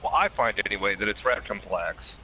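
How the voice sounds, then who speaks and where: A man chatting as a stream guest in a measured, understated, wry way. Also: lowish voice, lively intonation, pushed and bright, a little hiss or hum, low-quality recording. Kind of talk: casual chat.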